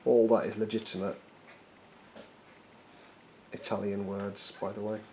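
A low-voiced man trades jokes while painting miniatures, rambling and poking fun at himself. A faint hiss sits behind his voice. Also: little pitch movement, unhurried, warm tone, poor audio. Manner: joking, rambling, self-deprecating. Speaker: miniature painting channel host. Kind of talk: casual banter while painting.

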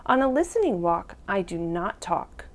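A woman reading a children's picture book aloud at story time, slowly and expressively. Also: fairly low pitch, very animated. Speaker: storytime reader.

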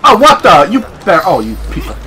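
A young man giving casual, excitable, swearing commentary on his video game play. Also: sits high, fast talker, a little hiss or hum. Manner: excitable, swearing, talks to himself. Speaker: gameplay commentator. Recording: game music playing underneath.

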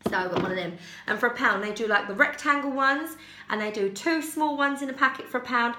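A woman's voice: on the high side, fairly quick, noisy background. A young woman chatting casually through a shopping haul at home, rambling and correcting herself with little giggles. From United Kingdom. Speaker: haul vlogger. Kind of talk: casual chat. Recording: echoey room.

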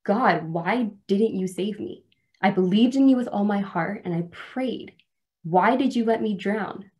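A woman's voice: medium pitch, measured pace, darkish tone, close to an everyday voice. A woman voicing a stubborn, faithful man stranded in a flood, speaking casually and confidently within a sermon story. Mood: bewildered.

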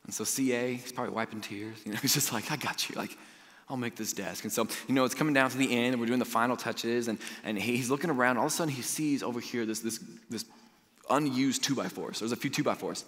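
Bright-voiced man preaching in a reverberant hall. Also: mid-range voice, fast. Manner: animated storytelling with frequent "like" fillers. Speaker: pastor. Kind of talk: sermon. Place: church sanctuary.

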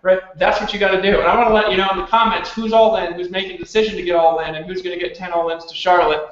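A man with a fairly high voice hosts an online team meeting and drives a hard motivational pitch. He hammers on commitment in short, repeated bursts. The sound is very echoey and dull, like a cheap webcam mic in a bare room. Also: level tone. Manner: pushy, repetitive, rapid-fire exhortations. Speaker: team leader hosting an online hangout. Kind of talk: motivational pitch on a video call.

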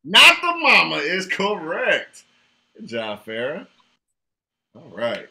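A man's voice: fairly high pitch, wildly swooping pitch, slow pace, gravelly, sharp tone. A man hosting a casual trivia night over a video call, teasing players and laughing often. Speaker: trivia host. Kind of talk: casual online game hosting. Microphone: video call mic.

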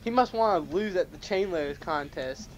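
A man's voice: sits high, lively intonation, normal speed. A man co-hosting an amateur home-made show, giving short, offhand replies in casual chat. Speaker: co-host. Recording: muffled home tape with faint hiss.

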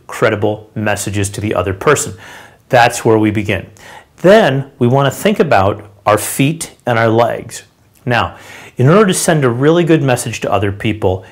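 A man teaching sales body language straight to the camera, showing each gesture with his hands and feet as he explains it in a direct, conversational way. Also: mid-range voice. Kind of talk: instructional talk to camera.

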